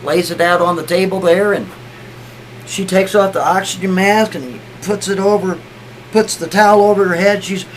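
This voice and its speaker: Over a low-quality recording with a little hiss or hum, a fairly high-pitched man rambles through a story. He keeps repeating himself, tripping over words, and tossing in "I mean" and "right?" to check in with whoever is listening.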